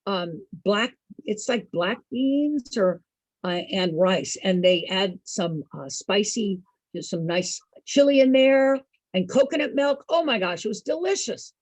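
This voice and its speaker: A woman with a husky voice telling a casual story to an online group over a video call, chatty and calling her listeners folks. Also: mid-range voice, lively intonation, unhurried, a little mellow, no echo, rough recording. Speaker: storyteller host.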